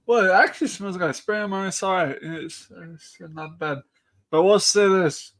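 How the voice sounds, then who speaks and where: A man's voice: high-pitched, a little slow, a bit bright, no room sound. A man from New England with a Boston accent, chatting casually as a livestream guest, laughing often and swearing freely. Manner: laughing, profane storytelling. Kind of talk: casual chat.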